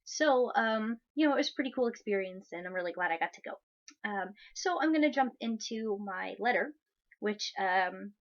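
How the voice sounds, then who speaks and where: A woman's voice: medium pitch, lively intonation, moderate pace, lo-fi sound. A woman in her thirties hosting her own vlog, chatty and upbeat. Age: 30s. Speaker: vlogger. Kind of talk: casual vlog chat.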